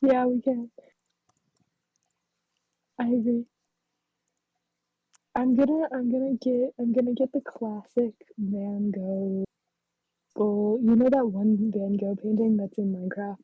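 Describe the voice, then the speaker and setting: A woman's voice: a little high, flat delivery, slow, pauses often, slightly rough, no echo. A young woman co-hosting a casual podcast chat, teasing and playful. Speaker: podcast co-host. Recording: dull lo-fi mic.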